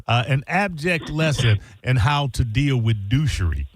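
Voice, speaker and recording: A man co-hosting a radio call-in show, easygoing and quick to laugh. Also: mid-range voice, lively intonation, husky, no echo. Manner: laughs often, easygoing sidekick. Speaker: radio co-host. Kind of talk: casual radio talk show banter.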